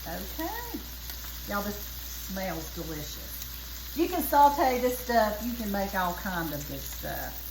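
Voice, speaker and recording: Southern US woman, folksy cooking host, talking over a loud sizzling pan in an echoey kitchen. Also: mid-range voice, very animated, slow, background noise. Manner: chatty, folksy, keeps saying "y'all". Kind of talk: casual cooking demonstration. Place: home kitchen at the stove. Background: frying and sizzling pan.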